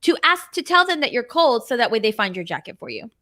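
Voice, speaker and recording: A woman's voice: on the high side, big pitch swings, fast, sharp tone. A woman in her thirties co-hosting a podcast, chatting casually, teasing and laughing often. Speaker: podcast co-host. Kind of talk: casual chat.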